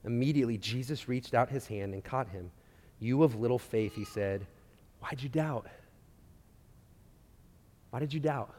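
A man preaching a sermon at a mid pitch, with a long reverb trailing after his words. He tells the story with feeling, rising loud for emphasis and then dropping to a hush. He often stumbles and restarts his phrases. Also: measured pace, long pauses. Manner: animated storytelling, with frequent restarts and swings between loud and quiet. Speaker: pastor.

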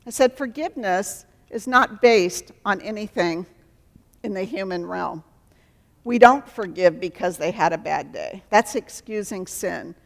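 A woman's voice: mid-range voice, measured pace, vocal fry, big-room sound. A woman giving an earnest sermon as a Christian counselor, acting out dialogues to teach.

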